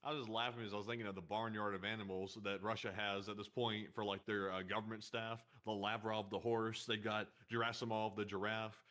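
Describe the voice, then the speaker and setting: Low-voiced, hesitant joking co-host. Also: male voice, level tone, fairly quick, few pauses, sharp tone. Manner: hesitant, filler-heavy joking. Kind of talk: casual banter.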